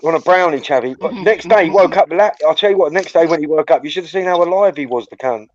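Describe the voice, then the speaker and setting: A livestream host rattles off a foul-mouthed, wandering anecdote, swearing freely and telling it with animation. His fairly high voice moves quickly, and the audio is dull with no echo.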